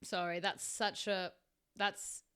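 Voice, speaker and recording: A woman's voice: medium pitch, little pitch movement, slow, fairly bright tone, clean tone. A woman with a South African accent, reading her own story aloud on a podcast and stopping often to chat and laugh. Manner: chatty, laughs often, breaks off to comment.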